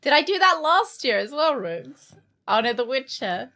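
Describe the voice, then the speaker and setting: A woman's voice: high voice, very animated, moderate pace, bright, forceful tone, a little hiss or hum. A woman streaming a horror game live, talking to herself and her chat with nervous, jittery laughter.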